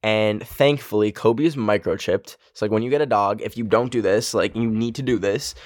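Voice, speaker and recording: A young man hosts a podcast, telling a story in a casual, emotional way and leaning heavily on "like" as a filler. His voice is lowish and his pace moderate, captured in a dry, clean studio recording.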